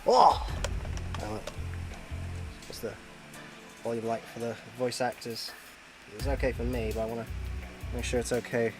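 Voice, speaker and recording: A man's voice: mid-range voice, fairly even intonation, unhurried, long pauses, over music. A man streaming a game, chatting casually, laughing often and exclaiming at the screen.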